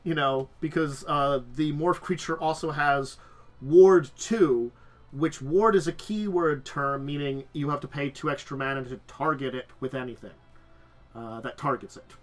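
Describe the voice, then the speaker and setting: A man's voice: fairly high pitch, measured pace. A man hosting a casual tabletop gaming talk show, rambling with lots of restarts and fillers while sick and tired. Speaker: podcast host. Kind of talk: casual chat.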